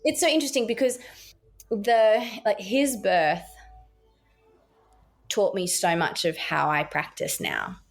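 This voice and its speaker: A woman's voice: mid-range voice, sing-song, takes it slowly, vocal fry, pauses often, soft background music. An Australian woman talking earnestly as a guest midwife in a podcast interview, acting out quoted voices as she tells stories.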